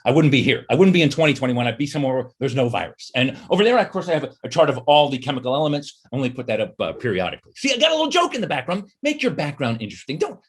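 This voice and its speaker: A middle-aged man talks fast from his home office, riffing on video-call habits in a wry comedy monologue. His voice is a touch husky, and his pitch jumps all over as he slips into mocking voices. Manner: animated, wry, quick asides and mock voices.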